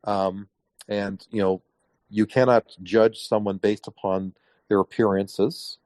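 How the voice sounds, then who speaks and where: Low-voiced man telling a story, dry sound. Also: slow, dry recording. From Canada. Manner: animated storyteller, acts out quoted voices. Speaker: guest. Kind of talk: casual interview storytelling.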